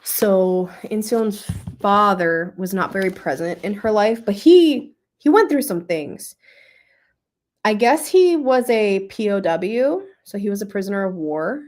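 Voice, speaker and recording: A young woman hosting a book club, talking casually and emotionally about a novel, with many fillers and pauses to think. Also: mid-range voice, expressive, darkish tone. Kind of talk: casual book review livestream.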